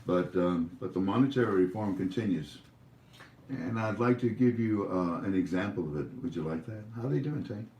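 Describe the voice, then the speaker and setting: A man's voice: low-pitched, lively intonation, normal speed, mellow, dull audio, slight background noise. A man hosting a livestream, talking in a rambling, jokey way. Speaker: livestream host. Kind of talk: rambling casual commentary. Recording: echoey room, far from mic.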